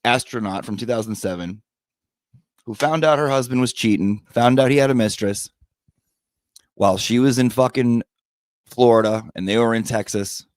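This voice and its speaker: A man's voice: medium pitch, normal speed, pauses often, no room sound. A man hosting a podcast, telling a story of a quarrel in a sassy, profane, dramatic way and acting out both sides. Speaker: podcast host.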